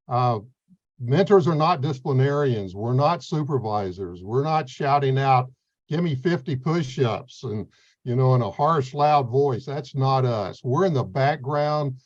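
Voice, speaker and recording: In an interview, a man who coordinates veteran mentors earnestly explains their role, speaking plainly with fillers in an unhurried, mid-range voice. The recording sounds slightly dull and lo-fi.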